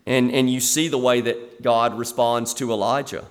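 A man preaching an expository sermon as a pastor, animated, moving between loud emphasis and quiet asides. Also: medium pitch, normal speed, few pauses, smooth. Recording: long reverb of a large hall.

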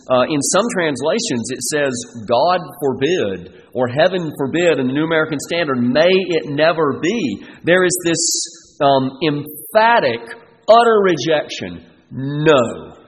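A man preaching an expository sermon, emphatic and measured, often restarting his phrases. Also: on the high side. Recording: long reverb with faint noise.

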